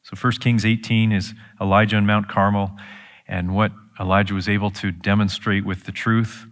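A man's voice: fairly low pitch, level tone, moderate pace, fairly bright tone. A male pastor teaching from the Bible in a conversational sermon, earnest, with emphatic peaks.

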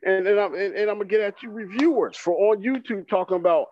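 A man rants for laughs on a podcast, animated and mock-boastful, acting out his own excitement as he goes. His voice sits a little high. The recording sounds muffled and dry. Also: fast talker, hardly any pauses, no room sound. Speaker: podcast co-host. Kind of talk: comedic rant.

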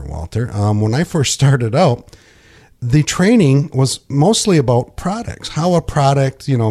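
A middle-aged man speaks as a financial coach on a radio talk show. He explains in a conversational way and often restarts his phrases. His voice is mellow and warm. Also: mid-range voice.

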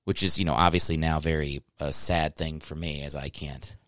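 A man in his thirties from Ohio hosts a solo podcast, rambling and cracking profane jokes. His voice is smooth and clean, close on the mic in a dry, dead room. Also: a bass voice, little pitch movement, normal speed, fairly bright tone, no room sound. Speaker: podcast host and stand-up comedian. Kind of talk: casual solo podcast monologue. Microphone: close microphone.

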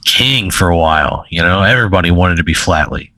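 A man in casual comedy podcast chat, laid-back with quick reactive asides. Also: low-pitched, lively intonation, bright, forceful tone, no room sound. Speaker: podcast co-host.

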